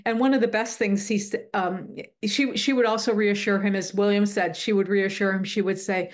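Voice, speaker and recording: A woman's voice: mid-range voice, steady tone, normal speed, few pauses. A middle-aged woman speaking in casual conversation, telling a heartfelt story earnestly and animatedly, often restarting her sentences. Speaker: guest speaker on the afterlife. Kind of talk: casual chat.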